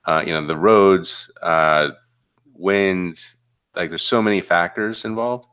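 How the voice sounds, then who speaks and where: A man with a very deep voice co-hosts a casual podcast. He talks in a relaxed, rambling way, padding his points with ums and you-knows. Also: takes it slowly, smooth. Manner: relaxed, rambling, many fillers. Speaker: podcast co-host.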